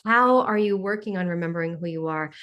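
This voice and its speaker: Her voice is lowish and a bit bright, and she talks fairly quickly. Leading a spiritual Q&A over a live video call, she jokes around, mimics voices, and drops sarcastic asides.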